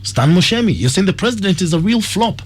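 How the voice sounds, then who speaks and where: A man's voice: high voice, sing-song, quick pace, husky. A man with a Kenyan accent hosting a radio call-in show, reading listener messages aloud. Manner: reads listener messages aloud, brief replies. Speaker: radio host.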